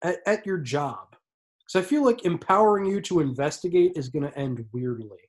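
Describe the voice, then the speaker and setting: A man's voice: a little high, lively intonation, normal speed. A man co-hosting a podcast in casual chat, dry and teasing. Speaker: podcast co-host.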